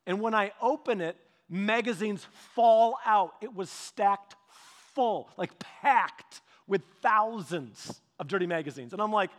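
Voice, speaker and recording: A man preaching a sermon, telling stories with lively repetitions and restarts. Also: high voice, a little slow, few pauses. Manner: animated storytelling with repetitions and restarts. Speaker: pastor. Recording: long hall reverb.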